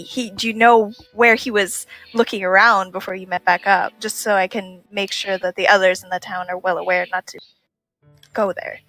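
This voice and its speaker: A woman's voice: mid-range voice, a bit bright. A woman player voicing her bard in a tabletop game, polite and hesitant with fillers.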